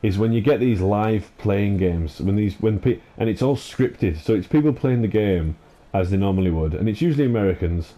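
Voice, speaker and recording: A man's voice: lowish voice, expressive, moderate pace, few pauses, warm tone. A man hosting a gaming channel, ranting in an exasperated, sweary way, full of fillers and restarts. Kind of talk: ranting commentary over gameplay.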